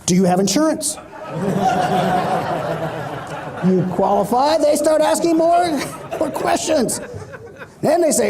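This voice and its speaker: A middle-aged man giving a keynote speech on stage, an animated storyteller who acts out the voices he quotes. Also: very high voice, slow, pauses often. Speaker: motivational speaker.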